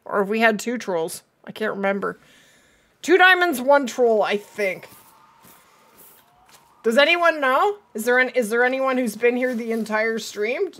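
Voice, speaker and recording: A woman hosting a live gaming stream, chatty and excitable, laughing often as she reads out chat, while she is losing her voice. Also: a little high, a little slow. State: losing her voice, throat not clearing. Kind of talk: live gameplay commentary.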